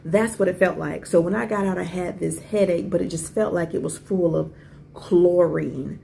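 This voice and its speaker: A woman in her forties hosts a podcast and tells a personal story in casual conversation. Her voice sits low and strongly gravelly, with a dark, mellow tone. She talks with lively asides and keeps asking the listener questions. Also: moderate pace, a little hiss or hum. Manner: animated, conversational, with many asides and rhetorical questions. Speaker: podcast host.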